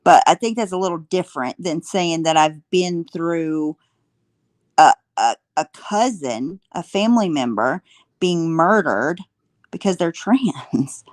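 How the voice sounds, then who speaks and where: Woman co-host, gossipy, low voice, dry sound. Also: animated, measured pace, dry recording. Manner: gossipy, reads chat aloud, swears. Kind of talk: casual live-stream chat.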